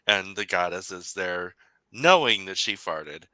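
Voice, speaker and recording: A man's voice: low-pitched, sing-song, slow, pushed and bright, no room sound. A man co-hosting a casual chat, tossing in dry, wry quips.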